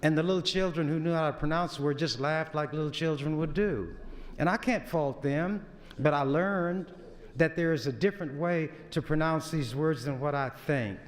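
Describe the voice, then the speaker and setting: A man's voice: on the high side, normal speed. A man who is a senator, giving a folksy, lecturing floor speech in a legislature. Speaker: state senator. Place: large legislative chamber. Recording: long reverb of a chamber.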